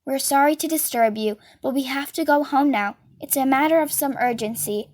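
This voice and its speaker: A woman's voice: sits high, moderate pace, a little mellow, no room sound, natural voice. Casting: fussy, formal little boy, nervous, read by a woman. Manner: overly polite, formal wording.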